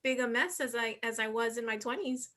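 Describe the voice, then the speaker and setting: A woman in her forties co-hosting a casual book chat over a video call, animated and quick to act out outrage in her stories. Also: on the high side. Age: 40s. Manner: animated, acts out outrage when telling stories. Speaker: book club co-host.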